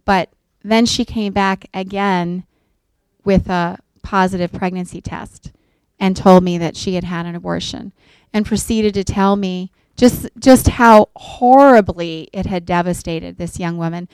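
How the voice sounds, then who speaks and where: A middle-aged woman speaks earnestly to a gathered group, recounting a counseling story. Her voice is smooth and resonant, recorded dry and close. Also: lowish voice, fairly even intonation, measured pace, a little mellow, no echo. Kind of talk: faith-based talk to an audience.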